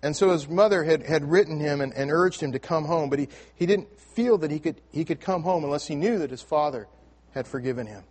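A man preaching a sermon to his congregation, telling a story with frequent restarts and repeated words, swinging between loud emphasis and hushed, near-whispered lines. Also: fairly high pitch, a little fast, slightly rough. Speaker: pastor. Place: church sanctuary with congregation.

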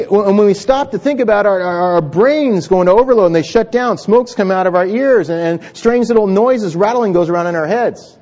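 A man with a high voice preaches to a congregation in a church hall. He talks conversationally, tripping over repeated words and restarting his sentences. The recording sounds dull and lo-fi. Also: a little mellow. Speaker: pastor. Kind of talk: sermon.

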